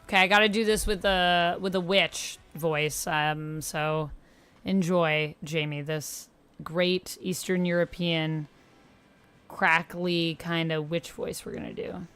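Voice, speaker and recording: A woman's voice: on the low side, steady tone, slow pace, fairly bright tone, clean tone. A woman hosting a casual tarot livestream, chatting and greeting viewers as she lays out her decks. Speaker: livestream host reading tarot.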